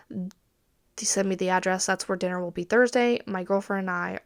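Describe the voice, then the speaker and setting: A woman's voice: mid-range voice, steady tone, normal speed, clean tone. A young woman hosting a personal podcast, talking candidly and bluntly about family, with occasional swearing. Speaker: podcast host.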